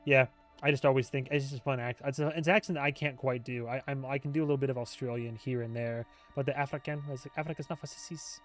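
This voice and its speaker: A man hosting a casual livestream chat as a TV show reviewer, rambling and joking, quick to laugh. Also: medium pitch, fairly even intonation, soft background music. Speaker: YouTube host, TV show reviewer.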